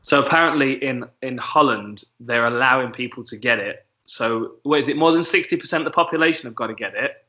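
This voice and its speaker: A man's voice: medium pitch, fairly quick, pushed and bright. A man co-hosting a podcast, chatting easily and laughing along. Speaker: podcast co-host. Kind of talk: casual chat. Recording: dull lo-fi sound.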